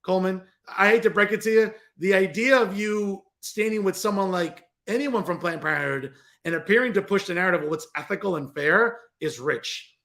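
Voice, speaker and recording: A man's voice: high voice, a little fast, creaky, sharp tone. A man hosting a political commentary show, ranting in a combative, sarcastic way and addressing listeners as folks. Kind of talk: opinionated political commentary monologue.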